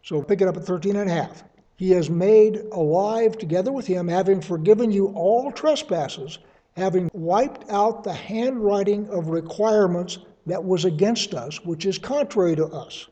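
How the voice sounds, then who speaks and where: A man's voice: high voice, normal speed, dark tone, lo-fi sound. A man giving a conversational sermon, explaining scripture verse by verse with everyday examples. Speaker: Bible teacher.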